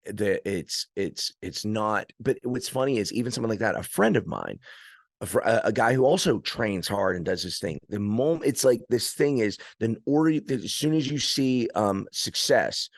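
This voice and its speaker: A man with a low-pitched voice tells rambling, animated stories in a casual podcast chat. He often restarts his sentences. The sound is dry and close, with no room echo. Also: moderate pace. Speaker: arm wrestler and trainer, podcast guest.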